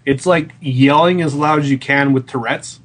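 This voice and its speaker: A man's voice: medium pitch, fairly even intonation, moderate pace. A man on a casual gaming podcast, joking around with crude banter. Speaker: podcast co-host.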